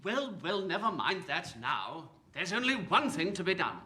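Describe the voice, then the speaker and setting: A theatrical, flustered comic actor. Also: male voice, high voice, big pitch swings, moderate pace, sharp tone, reverberant, exaggerated voice. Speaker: actor rehearsing a comic role. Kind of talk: period film acting.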